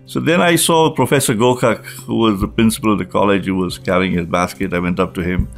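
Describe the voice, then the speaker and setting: A man's voice: lowish voice, fast, vocal fry, soft background music. Older Indian man recounting a story. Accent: Indian English. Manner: animated retelling, acting out remembered dialogue. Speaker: guest. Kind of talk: personal story told in an interview.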